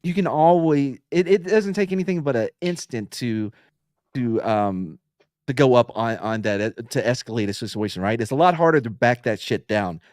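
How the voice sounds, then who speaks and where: A man chatting on a casual podcast, telling stories about police work, sometimes dropping to a low, calm voice to show how he'd talk someone down. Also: moderate pace, no echo, clean studio sound. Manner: relaxed storytelling, drops tone to mimic calm talk, swears freely. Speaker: podcast co-host, former police officer.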